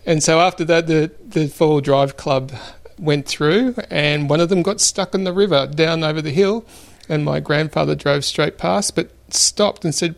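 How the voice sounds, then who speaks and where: Aussie guy in his 50s, gravelly voice, a bit high, rambles with lots of ums. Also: fairly even intonation, moderate pace. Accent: Australian. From Australia. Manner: rambling with many fillers. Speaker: interviewee. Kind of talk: relaxed storytelling.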